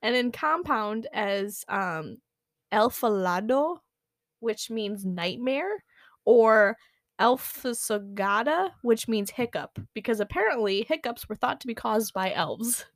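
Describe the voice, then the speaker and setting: A woman's voice: fairly high pitch, animated, slow, no room sound. Chatty woman podcast co-host. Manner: chatty, lots of "like" and "um", laughs often. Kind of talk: casual chat.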